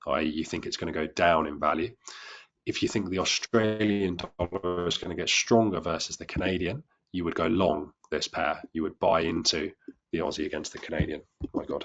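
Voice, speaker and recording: Speaking in a low-pitched, fairly bright voice, a man leads a live trading class. His explanations are chatty and self-deprecating, marked by restarts and repeated words.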